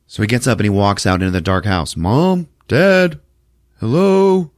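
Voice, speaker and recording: A man hosting a podcast, recapping a film in a casual, profane, animated storytelling manner. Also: low-pitched, fast, no room sound, studio quality. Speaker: podcast host.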